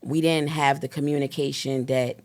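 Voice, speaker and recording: A woman in her thirties, a guest in an interview, talking in a rambling, animated way and acting out quoted dialogue. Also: extremely low pitch, moderate pace. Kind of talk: casual interview storytelling.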